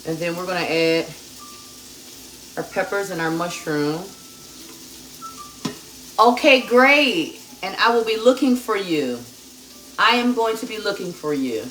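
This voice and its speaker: A woman hosts a live cooking stream from her home kitchen, her medium-pitched, slightly bright, expressive voice moving at a measured pace with long pauses as she chats straight to viewers. The far-off phone camera captures an echoey room, a faint hiss or hum, and food frying and sizzling in the pan.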